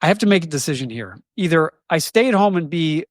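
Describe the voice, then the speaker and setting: A man in his forties speaking candidly as an interview guest, reflective and halting, often restarting sentences. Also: fairly high pitch, lively intonation, dry recording, studio quality. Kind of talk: candid conversation.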